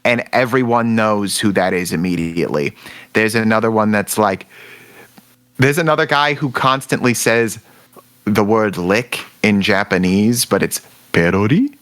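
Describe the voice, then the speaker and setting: A young adult man co-hosting a casual podcast, rambling and searching for words, livening up when excited. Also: fairly low pitch, unhurried. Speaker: podcast co-host.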